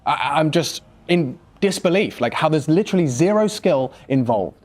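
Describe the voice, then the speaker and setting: A man's voice: a little high, expressive, moderate pace, a little mellow. A man ranting indignantly in a comedy skit, swearing as he complains. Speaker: esports caster.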